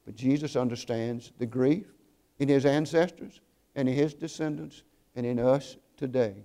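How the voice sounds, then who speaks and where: Warm, earnest male preacher. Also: mid-range voice, fairly even intonation. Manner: earnest storytelling, slows for emphasis. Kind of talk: sermon.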